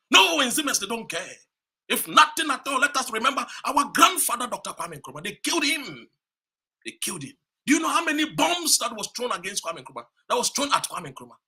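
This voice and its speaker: A man from Ghana giving an impassioned political speech, preaching fiercely and hammering points through repetition, with shouted peaks. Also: high-pitched, slightly rough. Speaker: political commentator.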